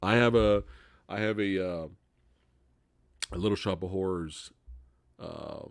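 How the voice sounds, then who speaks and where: A man hosting a live Q&A stream, chatting casually, swearing freely and laughing loudly. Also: sits low, slow pace, creaky, dry recording.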